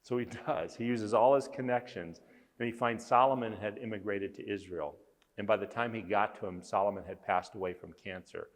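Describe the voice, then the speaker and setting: Low-voiced man telling a story in a hall. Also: fairly even intonation, moderate pace. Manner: earnest storytelling, retelling scenes with emphasis. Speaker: conference speaker. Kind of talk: storytelling talk.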